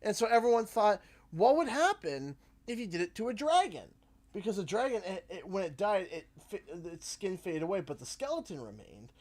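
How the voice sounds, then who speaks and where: A man livestreaming a video game, chatting casually and breaking into laughter, excitable and giggly. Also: high-pitched, a little fast, no echo. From Canada. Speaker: streamer. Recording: game music faint underneath. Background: game music.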